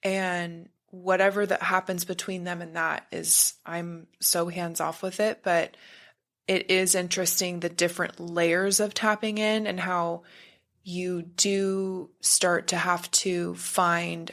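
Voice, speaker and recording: Meandering, low-voiced woman podcast guest. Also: level tone, slow, a bit bright. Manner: meandering and searching, makes buzzing sounds to illustrate. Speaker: podcast guest, spiritual practitioner. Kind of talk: casual conversation.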